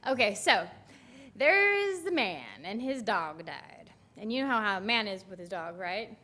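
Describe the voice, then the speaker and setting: A woman's voice: mid-range voice, sing-song, normal speed, sharp tone. A woman minister giving a Sunday talk in a rambling, chatty, self-deprecating way, speaking into a microphone in a church. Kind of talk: sermon. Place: church sanctuary.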